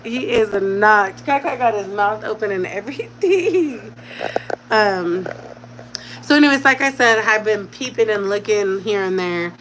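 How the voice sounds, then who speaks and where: A woman's voice: mid-range voice, measured pace, noisy background. A woman at home talking in casual vlog chat while caring for a baby, slipping into doting baby talk as she coaxes an infant to speak. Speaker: vlogger.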